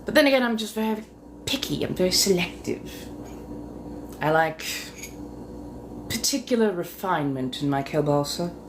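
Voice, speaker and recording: A livestream host with a lowish voice talks at a moderate pace and pauses often. She's at home chatting casually with viewers, teasing and flirty, full of innuendo and muttered asides, with steady room noise in the background.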